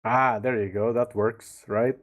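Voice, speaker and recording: A man co-hosting a live reaction to an animated series, in casual chat, laughing often. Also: medium pitch, measured pace, muffled recording. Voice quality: laughs often, chatty and playful.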